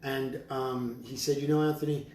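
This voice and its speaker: A man making drums, talking slowly with prayerful, emphatic declarations and chanted words as he presents his drums in his studio. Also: medium pitch, fairly even intonation, a little mellow. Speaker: drum maker selling drums on a live stream. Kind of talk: live sales stream with spiritual talk. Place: studio full of drums and rattles. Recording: roomy studio with faint noise.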